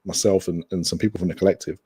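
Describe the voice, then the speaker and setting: A man's voice: low-pitched, fairly even intonation, very fast, warm tone, husky. A man guesting on a podcast over a video call, talking enthusiastically in a rambling way with restarts. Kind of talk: casual remote interview chat.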